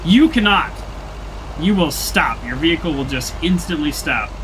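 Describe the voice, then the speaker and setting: Streamer: young man, bright and animated, chatty mock-indignant banter, faint music behind. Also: fairly high pitch, normal speed, slight background noise, low-quality recording. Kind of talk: casual gameplay commentary.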